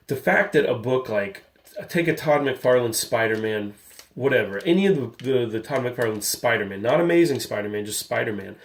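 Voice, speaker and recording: A man's voice: fairly low pitch, gravelly. A man in his thirties, a comic book collector hosting a casual vlog, talking candidly in a rambling way and getting riled up. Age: 30s.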